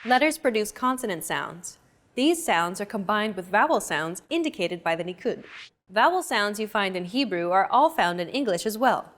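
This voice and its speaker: A woman reads a scripted language lesson as its host, measured and clear in her explanations. Her voice sits at an ordinary middle pitch. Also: lively intonation, fairly bright tone. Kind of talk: scripted narration.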